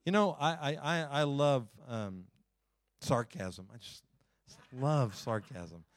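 A male pastor preaching in a folksy, animated way, leaning on the crowd and dropping to quiet asides between fired-up runs. His voice sits at an ordinary middle pitch. The sound is close and dry, with no room echo. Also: slow. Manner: folksy, talks to the congregation directly. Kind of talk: sermon.

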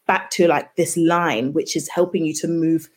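A woman's voice: low voice, fairly even intonation, normal speed. A woman, a midwife and birth debrief facilitator, talking through her work as a podcast guest in a reflective way, often acting out example conversations. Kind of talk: conversational interview.

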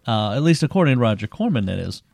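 A man co-hosting a podcast, chatting casually about an old cult film, rambling and animated and laughing often. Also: medium pitch, fast, creaky, dry recording, clean studio sound. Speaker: podcast co-host.

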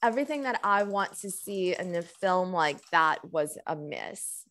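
A woman's voice: fairly low pitch, animated, measured pace, a bit bright. A woman guest on a film podcast, casual and blunt, dismissing films she disliked with amused frankness. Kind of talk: casual film review chat.

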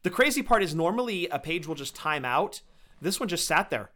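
A man's voice: fairly high pitch, big pitch swings, a little fast, sharp tone. A man co-hosting a podcast, chatting casually and with enthusiasm about collectible figures. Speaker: podcast co-host. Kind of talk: casual chat.

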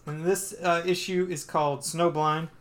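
A man's voice: on the high side, steady tone, moderate pace, fairly bright tone. A man co-hosting a podcast, casually retelling a comic book story. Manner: casual, filler-heavy, playful. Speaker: podcast co-host.

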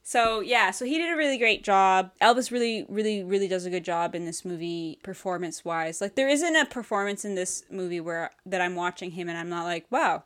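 A woman's voice: medium pitch, fairly quick, hardly any pauses, a bit bright, clean tone. A woman co-hosting a podcast, reviewing a movie in a casual, rambling way, laughing and swearing often. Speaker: podcast co-host.

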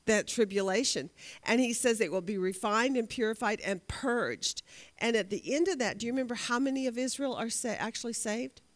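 Speaking a little high and fairly quickly, a woman teaches an interactive Bible study. She asks the class questions, supplies the answers herself, and frequently repeats words while thinking aloud.

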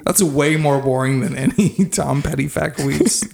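A man's voice: fairly high pitch, moderate pace, gravelly, darkish tone. A man co-hosting a casual podcast with friends, teasing and laughing as he reads a mock sponsor spot. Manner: laughing, teasing, self-mocking. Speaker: podcast co-host. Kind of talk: joking banter.

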